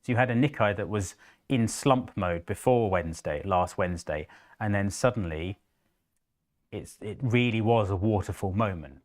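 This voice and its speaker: A man with a lowish voice talks at a moderate pace as co-host of a live market show. He's chatty and animated, acting out the things investors tell themselves.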